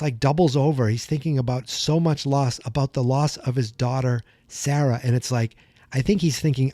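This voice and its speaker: Mellow-voiced man recapping a TV episode. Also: a little high, no room sound, studio quality. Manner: chatty, emotional fan retelling scenes. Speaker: podcast host.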